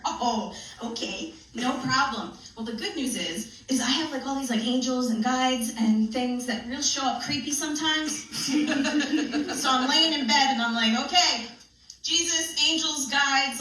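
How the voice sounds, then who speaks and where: Brief: bright, forceful woman comic, playful and animated; distant mic in a reverberant hall. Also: high-pitched. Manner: playful and animated, laughing through her story. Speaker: spiritual comedian and speaker. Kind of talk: live comedic storytelling talk. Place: live benefit event hall. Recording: echoey hall, mic from a distance, faint noise.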